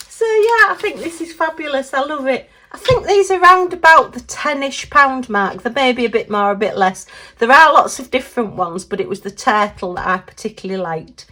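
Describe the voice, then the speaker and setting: A woman with a fairly high voice chats her way through a craft unboxing. She exclaims often, giggles, and narrates to herself in a homely, rambling way. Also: animated, brisk, pushed and bright. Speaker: craft vlogger. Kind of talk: casual unboxing chat.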